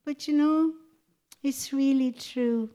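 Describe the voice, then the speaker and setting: Slow, tearful, fervent woman. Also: high voice, fairly even intonation, mellow. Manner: fervent, tearful, breaks into laughter. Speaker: speaker sharing a Christian testimony. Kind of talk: emotional devotional testimony.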